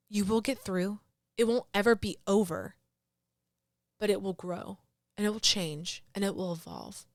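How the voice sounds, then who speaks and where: A woman's voice: medium pitch, no room sound, studio quality. A woman hosting her podcast, talking through grief in an emotional, heartfelt way, sighing and restarting her sentences. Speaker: podcast host. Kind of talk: personal reflective monologue.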